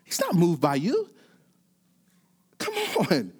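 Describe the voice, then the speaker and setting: A man preaching a sermon, often dropping quiet and then building to emphatic, repeated calls. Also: a little high, wildly swooping pitch, takes it slowly, slightly rough. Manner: swings from quiet to rising, emphatic repetition. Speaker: pastor.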